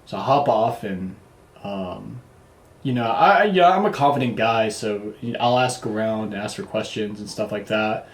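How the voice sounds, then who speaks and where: A man from the United States casually recounts a travel story in a fairly low voice at normal speed. He's a vlogger, loose and profane, full of fillers and restarts, and the recording has a roomy echo.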